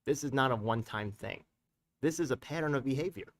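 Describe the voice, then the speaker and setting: A man's voice: mid-range voice, a little fast, far from the mic. A New man holds forth on a live stream in a mid-range voice, swearing freely and slipping into street slang. He rambles between points, fires off questions at his viewers and circles back to his anger. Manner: talks straight to viewers with tag questions. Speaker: community activist and live-stream host.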